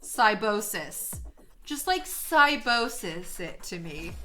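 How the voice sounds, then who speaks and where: A young woman streaming while she draws, gushing excitably, swearing a lot, laughing often and trailing off mid-sentence. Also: medium pitch, slow, soft background music. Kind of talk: casual live-stream chat while drawing.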